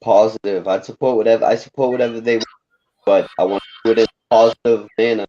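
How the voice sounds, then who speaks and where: Laid-back rapper. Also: male voice, fairly low pitch, steady tone, quick pace, warm tone, dull audio. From Boston, Massachusetts. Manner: laid-back, supportive, terse. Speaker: rapper guest. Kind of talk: casual interview chat.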